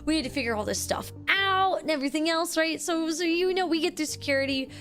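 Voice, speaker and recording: A young woman streamer telling a story to her chat in a casual, animated way, restarting sentences often. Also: sits high, fast talker, soft background music. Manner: animated, excitable, lots of restarts and "like".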